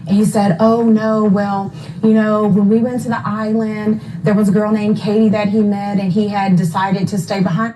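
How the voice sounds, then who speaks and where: A woman's voice: medium pitch, flat delivery, moderate pace, music in the background, low-quality recording. A mother retelling events in an interview, detailed and careful about times, with many fillers. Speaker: mother of a missing son.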